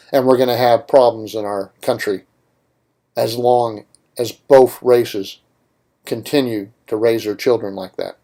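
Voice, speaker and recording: A man's voice: mid-range voice, darkish tone. A man hosting a political talk radio show, delivering an opinionated monologue with emphatic points and rhetorical questions.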